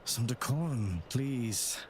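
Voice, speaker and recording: An actor playing a prim, fussy guest at a manor house who asks pointed questions. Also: male voice, medium pitch, animated, slow pace.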